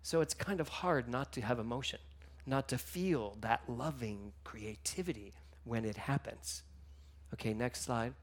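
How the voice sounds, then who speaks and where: A man giving a sermon, telling stories with emotion, moving between hushed and loud passages. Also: mid-range voice, unhurried. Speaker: minister.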